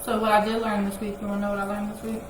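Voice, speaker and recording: A woman co-hosting a casual live chat show, loud and teasing, laughing often. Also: medium pitch, monotone, very fast. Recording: echoey room with noise.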